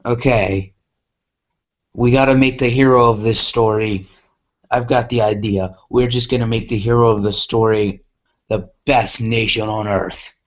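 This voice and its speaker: A man voicing a brash, sporty female pony who talks loud and pumped up. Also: on the low side, steady tone, measured pace, highs cut off.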